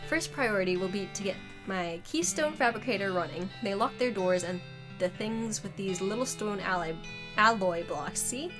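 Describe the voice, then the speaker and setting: A woman's voice: medium pitch, moderate pace, music in the background, close to an everyday voice. A woman reading out an eager male tinkerer. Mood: explaining. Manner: reading game dialogue aloud, explaining.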